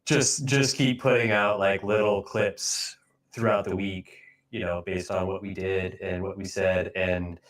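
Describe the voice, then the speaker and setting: A man's voice: low-pitched, flat delivery, measured pace. A young man co-hosting a podcast in casual chat, joking around and swearing freely. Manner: profane joking banter, bursts of laughter. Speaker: podcast co-host.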